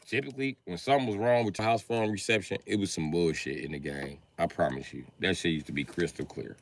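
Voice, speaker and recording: A male comedian telling profane comic stories in a live monologue, acting out both sides of conversations and breaking into loud shouts. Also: fast talker. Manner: jumps to loud high shouts when acting out scenes.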